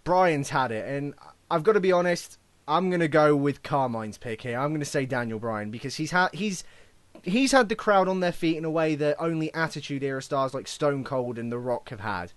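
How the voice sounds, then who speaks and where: Lively high-voiced man chatting. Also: normal speed, no echo. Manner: rambling, repeats himself. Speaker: podcast co-host. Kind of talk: casual chat.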